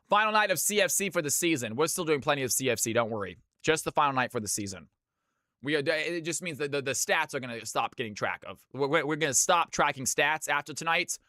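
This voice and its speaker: A man's voice: lively intonation, a little fast, sharp tone, dry recording, clean studio sound. A man from Georgia in the US, casting a live game stream with lots of energy and chatting with viewers. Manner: high-energy, hyped.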